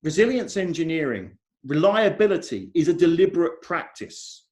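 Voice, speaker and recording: A man's voice: on the high side, very animated, normal speed, darkish tone. A man with an English accent giving a technical conference talk over a video call, emphatic and repeating his key points. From England. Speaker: conference speaker.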